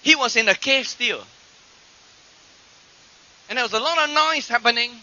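A man preaching a sermon to a congregation, swinging from loud, drawn-out lines to hushed ones, with fillers and restarts. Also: extremely high pitch. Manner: dramatic swings between loud and hushed delivery. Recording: dull lo-fi archive recording.

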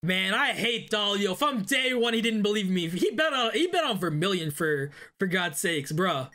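A young man playing a fan-made game, reading its dialogue aloud and reacting with loud, exasperated outbursts. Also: normal speed, hardly any pauses. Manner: reads game text in a flat, lowered voice. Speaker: gaming YouTuber.

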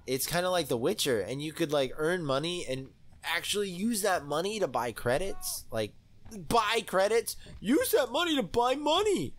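A young man giving excitable, rambling commentary while playing a video game, with many fillers. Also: mid-range voice. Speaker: let's play host. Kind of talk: gaming commentary.

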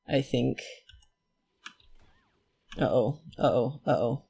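A gravelly, husky-voiced man narrating his gameplay. He talks at an unhurried pace, chatting to himself and the characters on screen, and he is quick to get excited. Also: medium pitch. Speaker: let's play host. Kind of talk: gameplay commentary.

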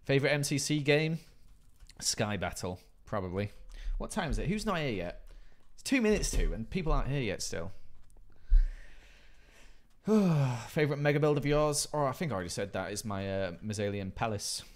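A man's voice: mid-range voice, big pitch swings, normal speed. A man in his thirties, chatting casually with his live stream audience and reading out chat messages in a playful way. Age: 30s. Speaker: livestreamer.

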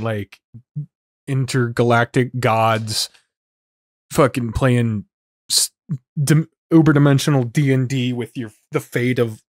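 A man's voice: medium pitch, no room sound. A man hosting a let's play, reading a visual novel aloud and commenting casually, swearing a lot in a laid-back, rambling way.

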